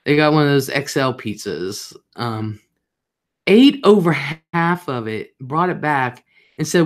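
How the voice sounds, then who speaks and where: A woman's voice: sits low, animated, a little slow. Chatty woman hosting a livestream. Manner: rambling, chatty, talks straight to viewers. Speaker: livestream host. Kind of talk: casual livestream chat.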